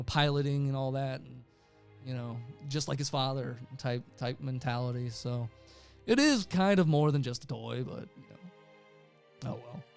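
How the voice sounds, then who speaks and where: A man's voice: mid-range voice, vocal fry. A young adult man casually recapping a show episode, rambling with fillers and laughing often. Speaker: show reviewer.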